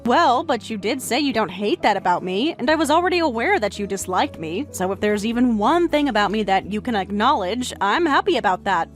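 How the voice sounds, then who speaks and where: A woman voicing a polite, patient young wife in a dramatized text-message story, speaking gently and calmly. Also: fairly high pitch, a little fast, few pauses, natural voice. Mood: mild. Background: faint music.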